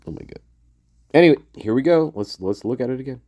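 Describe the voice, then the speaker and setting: A man's voice: mid-range voice, lively intonation, fast, darkish tone, no echo. Guy ranting casually on his show, swears a lot, chuckles, voice jumps up and down, dry close sound. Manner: blunt and profane, chuckling often; talks to the viewer and acts out people he quotes. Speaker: host of a true-crime commentary channel. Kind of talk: casual opinion commentary.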